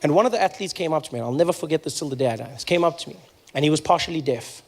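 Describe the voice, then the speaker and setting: A man's voice: a little high, very fast, big-room sound. A man from Africa, telling stories in a stand-up comedy set. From South Africa. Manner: animated storytelling.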